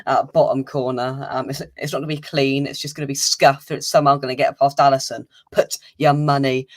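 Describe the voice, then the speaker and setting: A man's voice: mid-range voice, little pitch movement, fairly quick. A man hosting a casual, upbeat football fan show, chatting with guests and laughing easily. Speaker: host of a fan channel's pre-match show.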